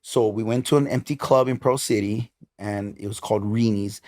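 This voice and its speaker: A man's voice: fairly low pitch, moderate pace. A man in his fifties from Hawaii with a Hawaiian English accent, telling stories emphatically as a guest in a casual interview. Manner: animated storyteller, lively and emphatic. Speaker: guest, DJ and club promoter.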